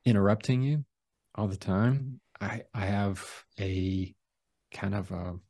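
A man with a deep voice, a trial lawyer speaking as a guest over a video call, talking slowly, calmly and deliberately. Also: no echo, clean studio sound. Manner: slow, calm, deliberate delivery. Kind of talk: casual interview talk.

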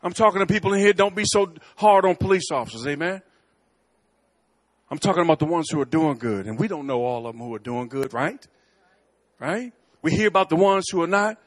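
A middle-aged man preaching a sermon in church, telling stories with lively swings between bold, loud lines and quiet asides. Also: on the high side, a little fast. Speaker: guest preacher. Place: church sanctuary.

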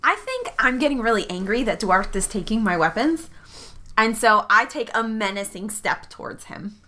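Bright-voiced woman playing a tabletop game. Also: on the high side, moderate pace. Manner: animated, describes actions with self-aware humor. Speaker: player. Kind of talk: tabletop role-play chat.

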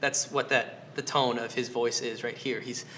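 A pastor preaches an earnest sermon in a medium-pitched, level and fairly bright voice at normal speed, with slight background noise. He fires question after question at his listeners and repeats phrases for emphasis.

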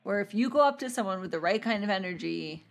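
A woman hosting a podcast, recapping a TV episode in a casual, animated, giggly and jokey way. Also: medium pitch, quick pace, gravelly. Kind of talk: casual chat.

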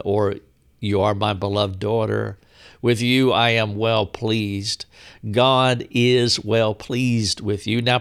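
A man preaching a sermon in a slow, measured way, pausing for emphasis. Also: on the low side, gravelly, a bit bright.

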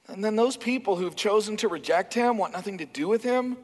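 A man preaching a sermon in a church hall, animated and emphatic, acting out bits of dialogue. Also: high-pitched, brisk. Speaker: pastor.

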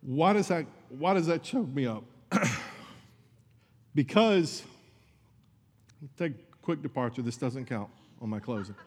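A man's voice: medium pitch, lively intonation, measured pace, long pauses, slightly rough, big-room sound. A man preaching a sermon as pastor, earnest and conversational, with asides to his congregation.

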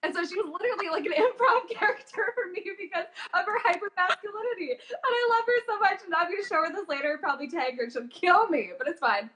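A young woman chatting casually, telling animated stories with frequent laughs and casual swearing. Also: very high voice, fast, few pauses, crowd noise. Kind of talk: casual chat.

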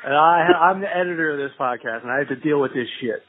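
A man's voice: on the high side, quick pace. A man hosting and editing a podcast, cutting in with dry, sarcastic remarks in casual chat. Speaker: podcast host and editor. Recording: dry, phone-like narrow sound.

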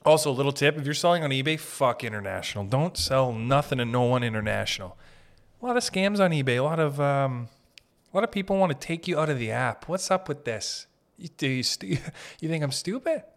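Ranting Boston-accented podcast host. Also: male voice, mid-range voice, lively intonation, a little fast, creaky. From Boston area. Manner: crude, ranting, lots of swearing and laughing asides. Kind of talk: unscripted profane comedic monologue.

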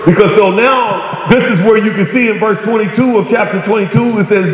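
A man's voice: high-pitched, normal speed, a little hiss or hum. A man preaching a sermon, talking conversationally and then rising into emphatic bursts. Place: church sanctuary. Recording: very echoey hall.

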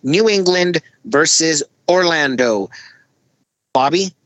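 Steady podcast host, dry sound. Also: mid-range voice, slow, dry recording, poor audio. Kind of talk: casual sports prediction podcast.

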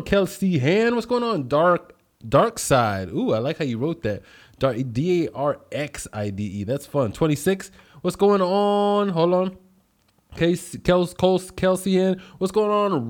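A man hosting a casual livestream, upbeat as he greets viewers by name and drifts into rambling asides. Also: high voice. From United States. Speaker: livestream host.

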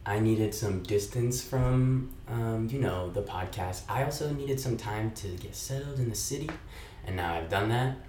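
Young male podcast host, low-pitched, casual and profane, echoey recording. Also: normal speed, slight background noise. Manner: relaxed, profane, lively storyteller. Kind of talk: casual chat.

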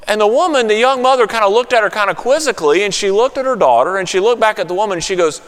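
A man preaching a sermon, telling a story, then softening to a hushed, soothing voice. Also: high voice, expressive, quick pace, hardly any pauses, long reverb tail. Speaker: pastor.

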